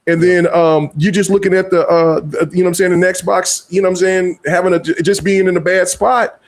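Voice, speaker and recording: A man's voice: sits high, fairly even intonation, a little fast. A man hosting a casual gaming podcast, talking in long rambling stretches full of restarts and fillers. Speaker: podcast host.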